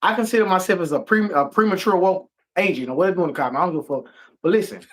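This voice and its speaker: A talk show co-host speaks in a high male voice at a very fast clip. He rants with animated emphasis and frequent swearing during a heated casual discussion.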